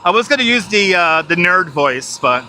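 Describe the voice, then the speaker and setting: A man's voice: high voice, very animated, normal speed, bright, forceful tone, slight background noise. A man live-streaming his walk through busy city streets on a wireless lapel mic, giving profane, exasperated running commentary.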